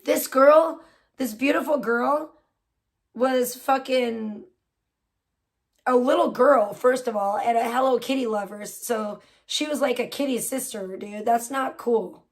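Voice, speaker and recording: A woman with a slightly high, unhurried voice hosts a casual livestream, chatting with viewers in a blunt, profane, heated manner.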